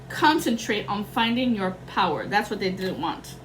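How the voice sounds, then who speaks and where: A woman's voice: mid-range voice, very animated, normal speed, a little hiss or hum, rough recording. A young adult woman doing a casual tarot reading, rambling and slangy, swearing freely. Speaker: tarot reader.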